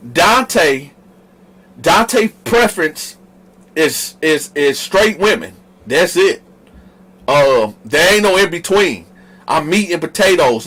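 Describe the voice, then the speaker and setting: A host from the northern United States tells his viewers a story directly, in a loose, lively, slang-heavy way. His voice is high and the recording is rough.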